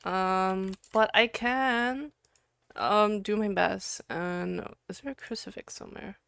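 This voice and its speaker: A woman streaming live, chatting casually with viewers, giggling and breaking into loud outbursts, then muttering to herself while she clicks around. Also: medium pitch, steady tone, slow, gravelly, no room sound.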